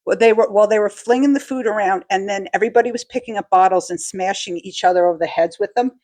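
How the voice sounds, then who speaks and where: A woman's voice: mid-range voice, fast talker, darkish tone. A woman co-hosting a podcast, chatting casually about a TV episode and telling a personal story. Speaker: podcast co-host. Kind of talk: casual chat recapping a TV episode.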